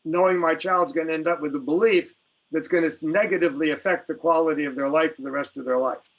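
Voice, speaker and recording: An older man with a rather high voice speaks as an interview guest. He is reflective and emphatic, and he leans into his key questions. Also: steady tone, fast talker, creaky, a bit bright, rough recording. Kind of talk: conversational interview.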